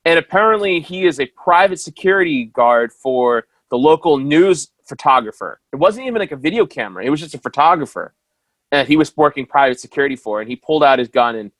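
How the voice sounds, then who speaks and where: A man in casual talk among friends, recounting a news video with lively acted-out quotes. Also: on the high side, fairly quick, no echo. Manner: animated storytelling, acts out quotes with shouts. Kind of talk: casual chat.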